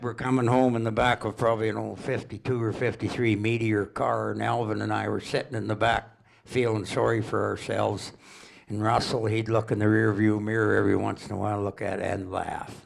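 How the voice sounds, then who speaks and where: An older man from Alberta telling rambling, folksy stories at a public presentation, unhurried and chuckling. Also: fairly low pitch, little pitch movement, creaky. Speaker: local storyteller.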